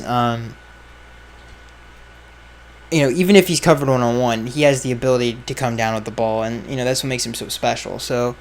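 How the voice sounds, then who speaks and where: This podcast host talks briskly in a mid-range voice, sitting outdoors where flies buzz around. In a casual chat answering fan questions, he tosses out blunt, offhand opinions and tends to leave sentences unfinished.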